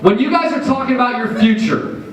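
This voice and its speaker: A man in his thirties giving an animated, jokey sermon, acting out what people say. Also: very high-pitched, fairly quick. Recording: echoey hall, far from the mic.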